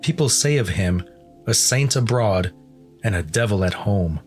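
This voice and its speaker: A man voicing a wise male pilgrim who speaks gravely, giving warnings. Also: lowish voice, expressive, measured pace, faint music behind.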